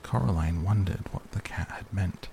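Deep, gravelly, slow-reading man. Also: mellow, slight background noise. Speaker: audiobook narrator. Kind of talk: scripted narration.

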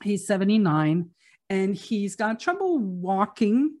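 A woman's voice: medium pitch, sing-song, slow pace, a little mellow. A middle-aged woman telling a personal story in a casual, chatty way, laughing now and then between lots of fillers.

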